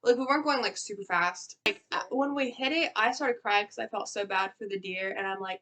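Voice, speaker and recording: A woman's voice: medium pitch, brisk, few pauses. Chatty young Southern woman. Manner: animated storytelling, lots of "like". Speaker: co-host. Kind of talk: casual chat.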